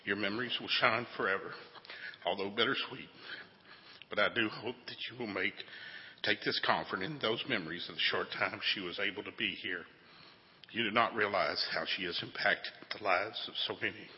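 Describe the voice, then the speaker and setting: Calm, consoling man at a funeral. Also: on the low side, moderate pace. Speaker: funeral officiant. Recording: dull echoey hall recording.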